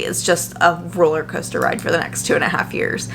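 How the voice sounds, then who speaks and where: A young adult woman, a nursing student, chatting casually and earnestly to her viewers, full of fillers and quick asides. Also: low-pitched, little pitch movement, creaky, music in the background. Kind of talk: casual chat to camera.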